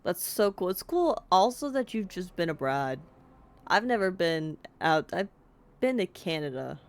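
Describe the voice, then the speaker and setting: A woman's voice: fairly low pitch, big pitch swings, a little slow. A young American woman streaming a game, chatting casually and rambling cheerfully, with lots of "like" and "you know.". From United States. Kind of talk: casual let's-play chat.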